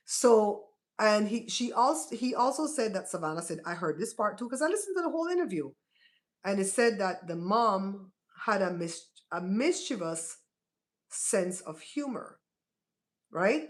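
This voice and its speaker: A woman's voice: fairly high pitch, sing-song, unhurried. A woman hosting a casual live stream, chatting to her viewers and often checking in with "right?". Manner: chatty, talks straight to her chat with many "right?" asides.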